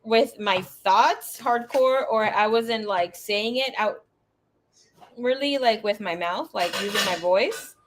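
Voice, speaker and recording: A woman's voice: mid-range voice, takes it slowly, background noise. A woman in her thirties, a psychic tarot reader, chatting casually and telling a story with laughs, swearing and acted-out quotes.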